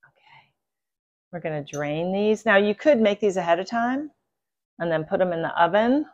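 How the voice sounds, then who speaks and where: A woman's voice: mid-range voice, lively intonation, normal speed, darkish tone, highs cut off. Chatty woman hosting a cooking video. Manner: chatty, enthusiastic, gushing over food. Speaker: cooking channel host. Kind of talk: casual cooking video chat.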